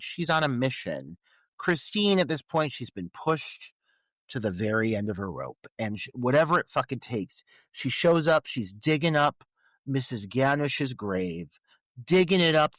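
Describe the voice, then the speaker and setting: A man's voice: on the high side, no room sound. A man co-hosting a podcast, giving crude, joking commentary on a film. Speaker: podcast co-host. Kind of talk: casual chat recapping a film.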